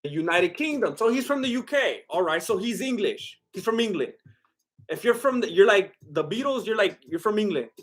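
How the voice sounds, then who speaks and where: A man's voice: sits high, animated, a little fast, a bit bright. A man hosting a casual live stream, rambling and joking with his chat, full of "like" and restarts. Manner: loose, chatty, breaks into bits of song.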